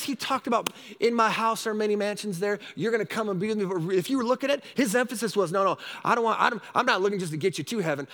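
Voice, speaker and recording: A man preaching a sermon, animated, with rising shouts and repeated calls to his listeners. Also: high-pitched, big-room sound. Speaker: pastor.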